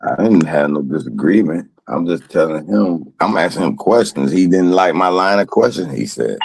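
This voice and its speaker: Deep gravelly man, slow and drawn out. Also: lively intonation, darkish tone. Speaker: panel participant. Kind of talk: heated casual panel debate.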